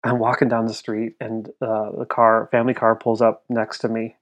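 A man's voice: on the low side, completely flat delivery, moderate pace. A man in his thirties shares a family memory on a podcast. He rambles and leans on "like" constantly. His telling turns emotional. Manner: rambling, heavy use of "like", emotional. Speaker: podcast co-host. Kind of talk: casual storytelling chat.

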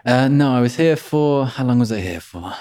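A man's voice: medium pitch, lively intonation, normal speed, mellow, no room sound, clean studio sound. A man chatting casually as a podcast guest, rambling and laughing often. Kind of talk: casual conversation.

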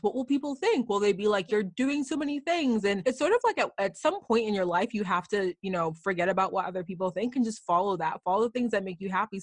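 A woman's voice: medium pitch, no room sound, studio quality. A young woman hosting a podcast interview, talking in a chatty, enthusiastic way full of "like" and "you know". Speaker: podcast host. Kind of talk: casual interview chat.

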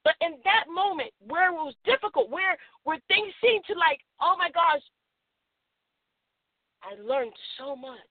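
A high-pitched woman hosting a motivational radio show, pressing her points with emphatic repeated affirmations. Her voice comes through a narrow, phone-like band with a dry, close sound. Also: expressive, unhurried, dry recording. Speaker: radio host.

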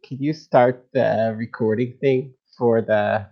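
A man's voice: medium pitch, steady tone, slow pace. A man hosting a game stream, chatting casually and laughing often. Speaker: stream host. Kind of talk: casual chat. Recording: slightly dull mic.

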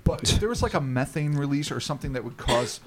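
A man's voice: medium pitch, lively intonation, fast, heavy background noise. A man co-hosting a casual podcast, walking through the case at length and swearing freely. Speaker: podcast co-host presenting the case.

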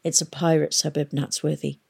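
A woman reading a novel aloud, voicing a blunt, hard-bitten young woman who speaks curtly and flatly. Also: deep voice, a little fast, creaky, husky, no room sound, heavily acted. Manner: curt and flat.

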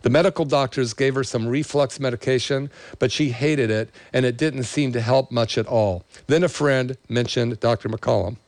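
A man's voice: medium pitch, moderate pace, few pauses, a little mellow, no room sound. A middle-aged male chiropractor reading a patient's thank-you letter aloud, getting emotional, then telling the story behind it. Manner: emotional, choking up while reading; enthusiastic, promoting his practice.

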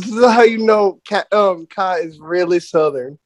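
Rambling, profane man, high-ish voice. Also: moderate pace. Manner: rambling and profane, frequent restarts. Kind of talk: casual chat.

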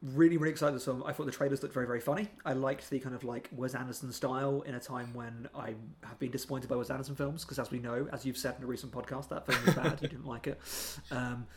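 A man co-hosting a casual film review podcast, animated and mocking, sometimes breaking into impressions. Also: medium pitch, fast talker, hardly any pauses, a little hiss or hum. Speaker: podcast co-host.

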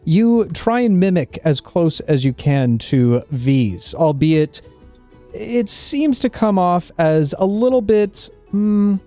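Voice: mid-range voice, animated, takes it slowly, warm tone, faint music behind. A game master narrating a tabletop role-playing game, describing scenes with a few fillers.

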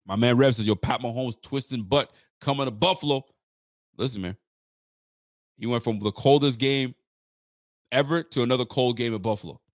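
A man's voice: medium pitch, moderate pace, long pauses, no echo. A man in the middle of his own range hosts a live post-game stream, hyped and rambling, throwing trash talk at the rivals. He sounds tired and talks into a close mic in a dry, dead room. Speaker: sports fan channel host.

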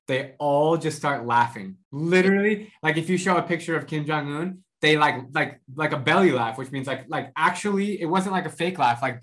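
A man's voice: a little high, a bit bright. A man hosting a podcast, talking casually and chattily with lots of "like" as he interviews his guest. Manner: casual and chatty, heavy use of "like". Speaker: podcast host. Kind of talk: conversational interview.

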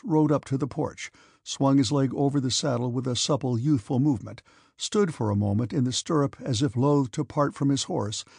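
A man reading a classic novel aloud at a steady, measured pace. His voice has a gravelly fry and a husky grain, recorded close and dry. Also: medium pitch, dry recording. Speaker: audiobook narrator. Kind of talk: scripted narration.

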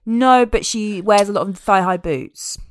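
A woman chatting casually as a podcast co-host, animated and amused as she recaps a film. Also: medium pitch, unhurried, a crowd in the background. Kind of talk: casual chat.

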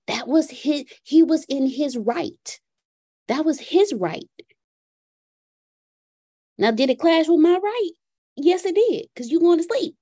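A woman hosting a podcast, telling a casual story in an animated way and acting out a dialogue with her son. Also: sits high, takes it slowly, long pauses. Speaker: podcast host.

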